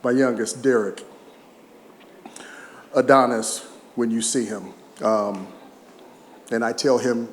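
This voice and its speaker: A man's voice: medium pitch, fairly even intonation, takes it slowly, pauses often. Man around 60 giving a heartfelt speech in an echoey hall. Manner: emotional, humorous storyteller who chokes up at times. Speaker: retired baseball player giving an awards speech. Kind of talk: heartfelt public speech with anecdotes. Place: large event hall. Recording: echoey hall, faint ambience.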